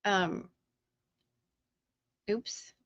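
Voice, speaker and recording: A woman hosting a live stream, chatting casually and excitedly to her chat viewers. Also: very slow, no room sound, muffled recording.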